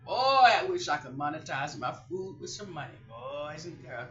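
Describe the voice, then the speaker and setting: A woman's voice: low-pitched, normal speed. Chatty woman vlogger, roomy sound. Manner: chatty, rambling, animated storytelling. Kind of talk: casual chat to viewers. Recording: roomy and slightly muffled.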